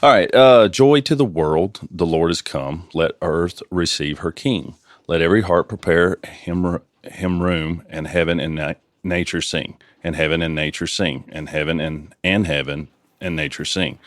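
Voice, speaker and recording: Very deep-voiced man reading lyrics. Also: no room sound. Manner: halting, sheepish reading. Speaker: co-host. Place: studio.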